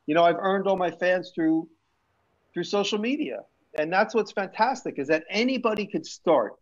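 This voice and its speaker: A man's voice: sits high, animated, normal speed. A man hosting a casual live-stream chat, rambling with frequent restarts and fillers. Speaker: show host and maker. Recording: lo-fi stream audio.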